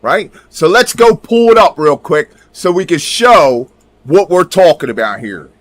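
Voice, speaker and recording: A video creator talks over his screen in a voice on the high side, expressive and unhurried. His commentary is casual but emphatic, with the occasional swear word and frequent check-ins with viewers.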